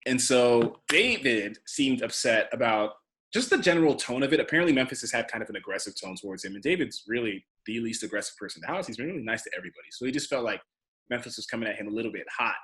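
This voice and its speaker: A man co-hosts a casual podcast, talking quickly at a mid pitch. He is blunt and opinionated, but he keeps it loose and conversational. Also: lively intonation, a bit bright. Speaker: podcast co-host. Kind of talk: casual chat.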